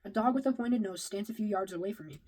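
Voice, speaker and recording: A woman's voice: mid-range voice, fast, mellow, rough recording. A woman reading a novel aloud in the first person, now and then stumbling and rereading a phrase. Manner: first-person storytelling with occasional slips and rereads. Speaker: reader.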